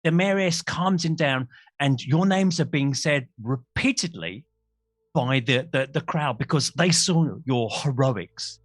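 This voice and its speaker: A man's voice: medium pitch, expressive, measured pace, no echo. Rambling man running a game. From Australia. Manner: rambling, self-mocking, stumbles over words. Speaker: game master. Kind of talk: narrating a tabletop game.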